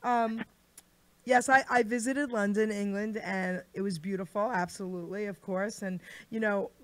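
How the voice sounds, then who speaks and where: A woman hosts a radio show in a chatty, gushing way, warmly praising her guest. Her voice sits at a middle pitch. It is recorded close and dry, with no room sound. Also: fairly even intonation, normal speed, no echo. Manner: chatty and gushing, reads a rhyming poem aloud. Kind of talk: casual radio chat.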